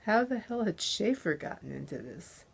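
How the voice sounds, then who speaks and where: A woman author reading her first-person crime novel aloud in measured, deliberate narration into a close dynamic microphone. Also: on the low side, very animated, creaky, slightly rough. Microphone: close handheld dynamic USB mic.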